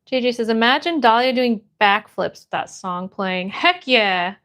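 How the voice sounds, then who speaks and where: A young woman chatting casually on a live stream, reading chat aloud and greeting viewers with bright, bubbly hellos. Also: a little high, animated, unhurried.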